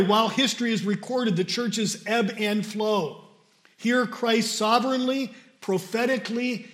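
A man's voice: sits high, fairly bright tone. A man preaching a sermon and reading scripture aloud, stressing key words and repeating them for emphasis.

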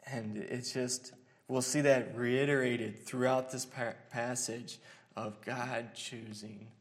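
A man preaching an expository sermon in an earnest, halting way, with many fillers and restarts. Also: mid-range voice, steady tone.

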